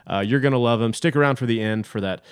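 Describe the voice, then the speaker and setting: Podcast co-host, male, mid pitch, wisecracking banter, dry close mic. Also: smooth, no echo. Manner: quick joking banter. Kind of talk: casual chat.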